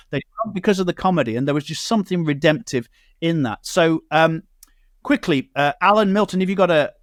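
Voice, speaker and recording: British male host, slightly high voice, dry close studio sound, chatty storyteller. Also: no room sound. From Britain. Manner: chatty, storytelling with quoted asides. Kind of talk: casual radio chat.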